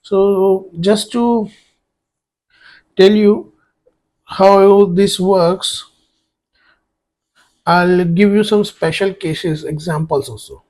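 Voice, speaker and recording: A man's voice: high-pitched, fairly even intonation, extremely slow, long pauses, a little mellow. A man teaching a French grammar lesson for exam prep, explaining step by step as he writes on a board and spelling words out letter by letter. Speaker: French tutor.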